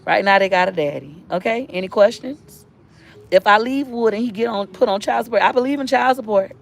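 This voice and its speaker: A woman and mother giving a blunt, profane parenting rant to her followers, rising to near-shouts for emphasis. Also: mid-range voice, fairly quick, creaky. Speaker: mother and online seller. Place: inside a car.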